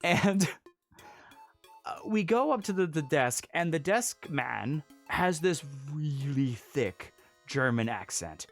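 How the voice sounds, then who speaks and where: A man's voice: fairly high pitch, animated, slow pace, faint music behind. A man casually telling a travel story on a livestream, laughing often and breaking off to answer chat.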